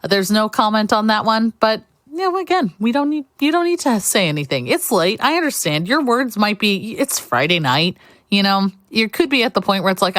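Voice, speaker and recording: A woman's voice: medium pitch, expressive, moderate pace, fairly bright tone, no echo, clean studio sound. A woman hosting a live charity speedrun stream, chatty and upbeat as she reads out donations and thanks volunteers. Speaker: marathon host.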